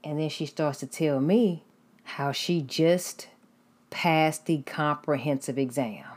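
A young adult woman casually telling a story to her viewers, animated and confiding, dropping into hushed asides. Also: low-pitched, slow pace.

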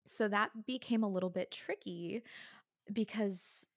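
A woman, a guest in a conversational interview, tells a personal story in an easygoing way. Her pitch sits in the middle, and she comes alive when she acts out what others said. The sound is close and dry. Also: measured pace, no room sound. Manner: animated, acts out the other people she quotes.

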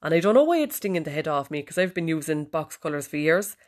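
Irish woman, podcast host, low voice, cheeky sweary chat, talking from her bed. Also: sing-song, quick pace. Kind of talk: casual chat. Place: bedroom, sitting on the bed.

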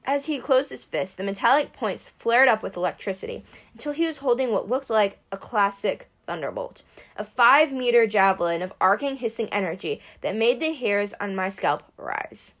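A woman reading a first-person story aloud at a steady pace, with occasional slips. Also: medium pitch, normal speed. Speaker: reader.

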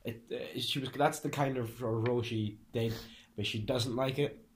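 A young man in casual conversation, explaining at length with frequent restarts and pauses to find the right word. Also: mid-range voice, steady tone.

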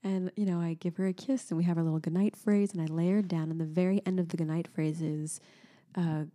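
A woman in her thirties co-hosting a casual chat, telling stories in an animated way and often trailing off to restart. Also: lowish voice, fast. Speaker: podcast co-host.

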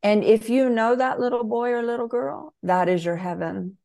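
Woman faking a Brazilian accent, gentle male sage, solemn storytelling, slightly louder. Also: fairly high pitch, normal speed, vocal fry, pitched above the performer's own voice. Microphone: video call.

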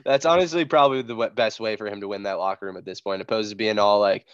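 A man's voice: on the low side, quick pace, few pauses, smooth, dry recording. Young man, podcast co-host, easygoing laughs, dry dull sound. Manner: laid-back, laughing, drifts quieter. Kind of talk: casual podcast banter.

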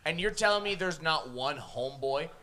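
A man co-hosting a podcast, chatting casually, jokey and animated, swearing freely. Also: on the high side, normal speed. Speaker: podcast co-host. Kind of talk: casual chat.

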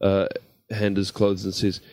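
A man's voice: low voice, completely flat delivery, measured pace, darkish tone, no room sound, clean studio sound. A man playing a tabletop game, hesitantly describing what his character does in the third person. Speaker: player. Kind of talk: tabletop role-play narration of his character.

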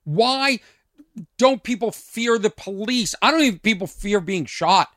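A man's voice: high-pitched, animated, unhurried, a bit bright, no room sound, studio quality. A man hosting a podcast, ranting in a casual monologue from a trailer outside his home. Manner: ranting, rhetorical questions. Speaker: podcast host and comedian.

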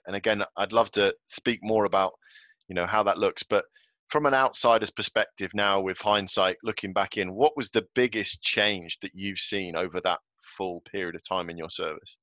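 A male host leads a loose interview, feeling his way into each question with fillers. His voice sits low but sounds bright and moves a lot in pitch. The sound is dry and slightly dull. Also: normal speed, dry recording. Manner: relaxed, hesitant questioning with fillers. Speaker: podcast host. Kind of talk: casual interview.

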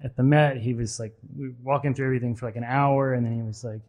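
A man's voice: medium pitch, steady tone, quick pace, a little mellow. A man at a live literary reading in a pub carriage house, nervously telling a rambling anecdote full of ums and restarts. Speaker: author reading at a literary event.

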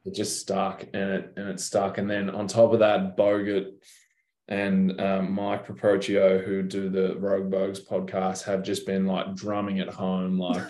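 A man's voice: low-pitched, completely flat delivery, measured pace, a little mellow. A young Australian man in a casual interview, telling laid-back stories and swearing freely. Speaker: professional basketball player, guest. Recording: roomy echo.

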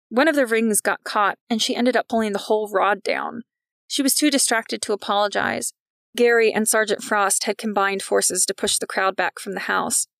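A woman with a gravelly voice reads a story aloud in a wry narrating style. The recording is dry and close, with no room sound. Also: mid-range voice, a bit bright, no echo. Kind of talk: scripted narration of a fiction podcast.

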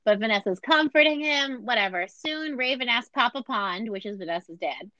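A woman with a slightly high voice and sharp tone talks at a normal speed; there's no room sound, but the highs are cut off. Co-hosting a podcast, she retells a true crime story in a chatty, playful way, acting out what people said.

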